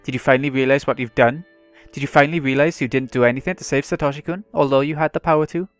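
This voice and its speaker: A man's voice: medium pitch, fast, no echo, faint music behind, close to an everyday voice. A man reading the lines of a vengeful teenage girl tormenting her captive, in a cold, mocking manner, in his own voice. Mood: taunting.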